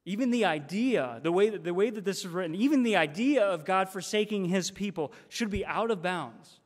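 A man's voice: sits high, animated, fairly quick. Emphatic male preacher in a reverberant church. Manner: emphatic, repeats phrases for stress. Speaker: guest preacher. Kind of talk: sermon. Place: church sanctuary.

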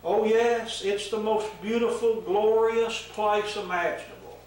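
A man's voice: high voice, measured pace, darkish tone, pitched above the performer's own voice. An older man raising his voice to play an innocent, cheerful young woman who gushes eagerly and naively, in an echoey room with the mic set far off. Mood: gushing.

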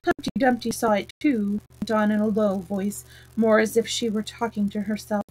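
Husky-voiced woman reading a storybook aloud. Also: moderate pace, rough recording. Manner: lively read-aloud, voices the queens higher and louder.

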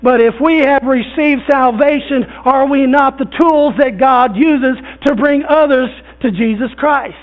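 A man's voice: very high-pitched, measured pace, few pauses. A man preaching a sermon as pastor, in a folksy, conversational way with repeated phrases and fillers, recorded in a church. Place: church sanctuary. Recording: thin phone-like sound.

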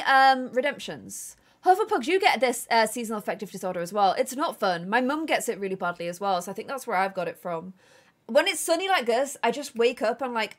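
Woman, gaming streamer, high voice, very animated, chatty. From England. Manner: chatty, animated, reads chat aloud. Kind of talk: live gameplay stream chat.

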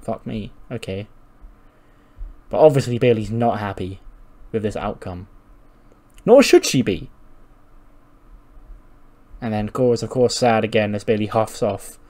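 A man narrating a wrestling management game in a loose, chatty way. He swears freely and slips into the characters' voices as he goes. His pitch sits in the middle. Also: expressive, unhurried, long pauses, dark tone. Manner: casual, swears, acts out characters. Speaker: game commentator. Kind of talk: narrating a wrestling sim playthrough.

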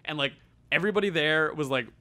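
Bright-voiced guy telling a rant story. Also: on the high side, quick pace. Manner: loose, profane, animated storytelling. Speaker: podcast co-host. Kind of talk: casual storytelling chat.

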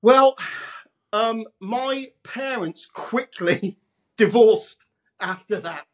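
A man's voice: high voice, drawn-out words, fairly bright tone. A man from Leeds, a radio presenter chatting as a guest in a casual interview, laughing easily and calling the host mate. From Leeds, England. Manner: chatty, laughs often, calls everyone mate.

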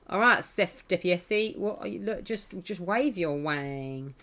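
A woman, chatting excitably through a game stream, laughing often and scolding the characters. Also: lowish voice, moderate pace, few pauses. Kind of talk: casual gameplay commentary. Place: home.

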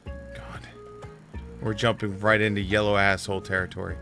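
A man's voice: on the low side, little pitch movement, moderate pace, gravelly, sharp tone, faint music behind. A man chatting casually while streaming a game live, offhand and swearing at the game now and then.

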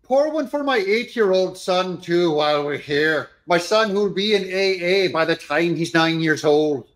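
A man's voice: high-pitched, animated, measured pace, a bit bright, pitched above the performer's own voice. A man putting on an exaggerated, mocking stage-Irish accent to play a stereotyped Irish drinker. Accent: mock Irish. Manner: exaggerated, sing-song, mocking.

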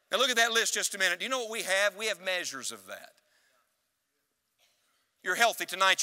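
A male evangelist delivers an emphatic church sermon, pausing so the congregation can shout the next word back. His voice sits high and sounds bright and piercing. It rings out with a long reverb, as if in a big hall. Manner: emphatic preaching with call-and-response.

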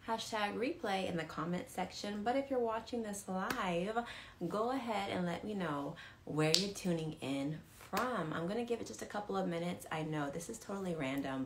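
A woman hosting a casual faith livestream, greeting viewers by name and telling a story in a chatty, excitable way. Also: mid-range voice, slight background noise. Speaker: livestream host and ministry leader.

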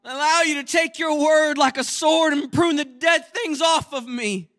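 A man preaching a sermon in a church as a guest speaker, with impassioned passages that swell into shouts and quieter, quick joking asides. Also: very high-pitched.

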